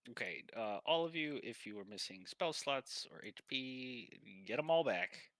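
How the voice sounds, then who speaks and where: A man's voice: mid-range voice, expressive, normal speed, fairly bright tone, no echo. A man narrating as game master of a tabletop game, joking and swearing freely.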